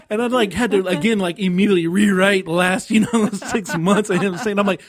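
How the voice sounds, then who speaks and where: A man co-hosting a podcast, telling anecdotes in a casual, animated way and often laughing mid-story. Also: high-pitched, a little fast, few pauses, no echo, studio quality.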